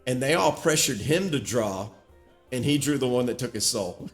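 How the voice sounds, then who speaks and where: A man's voice: medium pitch, expressive, normal speed, faint music behind. A man recapping a tabletop campaign as game master, telling the story casually with plenty of fillers. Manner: rambling storyteller with many fillers.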